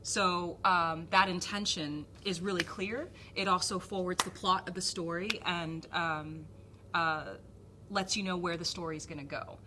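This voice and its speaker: A woman's voice: fairly low pitch, fairly even intonation, unhurried, noisy background. A woman acting coach patiently explaining a technique, with many ums as she talks. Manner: patient, filler-heavy explaining.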